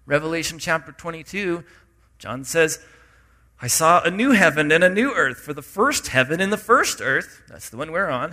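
Bright-voiced man preaching a lively sermon. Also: fairly high pitch. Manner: conversational and animated, with jokes and asides. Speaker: pastor. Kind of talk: sermon to a live audience.

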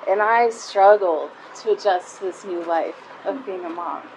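A woman's voice: mid-range voice, a little slow, noisy background. Heartfelt woman speaking to moms. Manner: heartfelt, conversational, near tears at times. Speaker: speaker at a mothers' group. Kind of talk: personal talk to a live group.

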